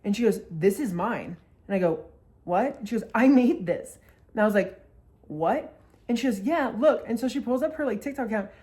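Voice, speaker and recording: A woman's voice: mid-range voice, brisk, mellow. A young woman vlogger telling a story casually, swearing a lot and acting out the quotes.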